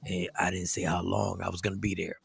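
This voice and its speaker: A drowsy, medicated man mumbles along, slurring his words, as a man puts him on. The voice drops deep and goes soft, and the groggy drag never leaves it. He stays stubborn even while he sounds half asleep. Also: a little fast, gravelly, husky, no room sound, clean studio sound, full character voice. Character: groggy drugged man after surgery.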